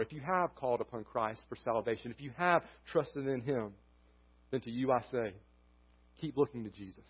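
A pastor preaching a sermon, impassioned, rising to near-shouts and dropping to hushed closings. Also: male voice, mid-range voice, slightly rough, muffled recording. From United States. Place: church sanctuary.

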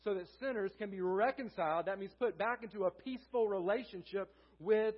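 A man with a high voice preaches an earnest sermon in a church sanctuary. He circles back to key phrases and asks the congregation questions before answering them himself. The recording is dull and lo-fi. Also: fairly quick, husky. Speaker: pastor.

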